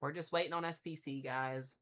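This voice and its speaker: A man's voice: a little high, steady tone, a little fast, fairly bright tone. A man hosting a casual weather livestream, chatting and thinking aloud as he waits for new forecast data to load. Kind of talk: casual live-stream weather commentary.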